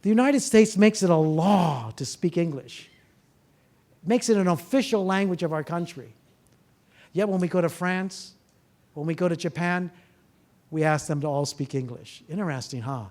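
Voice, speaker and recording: A therapist giving a public talk speaks at a normal pace in a voice on the high side. He entertains the live audience with stories, rhetorical questions, and lively acted-out dialogue.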